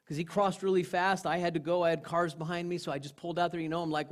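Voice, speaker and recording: A male pastor preaching a sermon, telling personal stories in an earnest way, dropping to a hush and then rising again. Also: fairly high pitch, little pitch movement, quick pace. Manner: earnest storytelling, swinging from loud to hushed.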